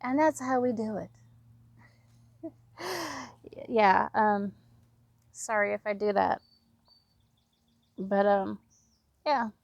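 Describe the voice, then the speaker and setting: Slow-talking gravelly West Coast woman. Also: medium pitch, dry recording. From Oregon. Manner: chatty, self-talking, laughs often. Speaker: home gardener. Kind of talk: casual gardening vlog. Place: backyard garden outdoors.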